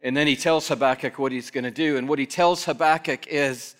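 A man pastor preaching an animated sermon in a church, acting out the prayers and voices he quotes. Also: mid-range voice, fairly quick.

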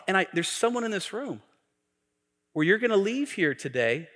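Animated preaching pastor in a reverberant hall. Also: male voice, high-pitched, moderate pace. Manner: animated preaching with humor and acted quotes. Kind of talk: sermon. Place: church sanctuary.

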